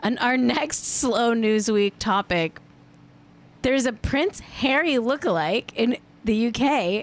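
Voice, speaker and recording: Her voice fairly high and animated but slow-paced, this podcast host chats through celebrity gossip with obvious amusement. "Like" turns up constantly in her casual delivery.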